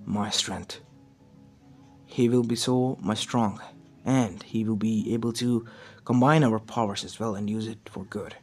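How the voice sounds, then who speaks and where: A man's voice: fairly low pitch, steady tone, a little slow, faint music behind. A man voicing a solemn puppet spirit.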